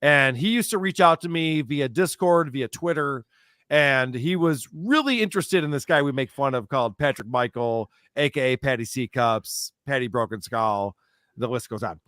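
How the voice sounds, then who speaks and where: A man talking as a podcast guest in casual chat, telling stories in an animated, sarcastic way. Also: mid-range voice, normal speed, dry recording, studio quality.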